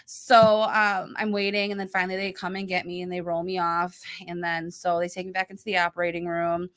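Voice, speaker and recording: A woman's voice: lowish voice, fairly quick. A woman co-hosting a casual chat show, telling a personal story and acting out what people said. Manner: animated storyteller, acts out quotes. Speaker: podcast co-host.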